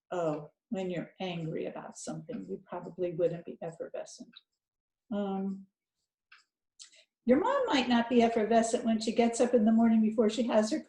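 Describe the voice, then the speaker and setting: Slow-talking teacher woman, mellow tone. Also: medium pitch, echoey room. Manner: slow, encouraging, thinks aloud. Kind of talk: children's reading lesson.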